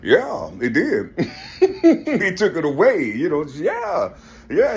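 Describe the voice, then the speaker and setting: A man's voice: a little high, huge pitch swings, slow pace, creaky, long pauses, breathy edge. A man talking in a rambling, casual monologue, laughing often and repeating "listen" and "you see" as he addresses an unseen listener.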